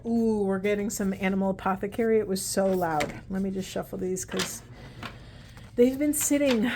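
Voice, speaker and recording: A woman's voice: mid-range voice, dark tone, a little hiss or hum. A woman giving a casual, meandering tarot-style card reading at home, talking aloud to spirit as she goes. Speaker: tarot reader.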